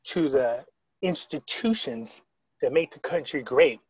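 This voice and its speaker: A man's voice: mid-range voice, unhurried, a little mellow, slightly rough, no echo, muffled recording. A man telling a story on a video call in a casual, rambling way, retelling quotes with frequent restarts. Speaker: interviewee.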